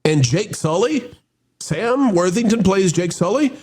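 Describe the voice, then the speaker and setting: A man's voice: high voice, animated, a little slow, a little mellow, slightly rough. A man hosting a casual movie review chat, opening with showman-style greetings and rambling with restarts. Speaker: host.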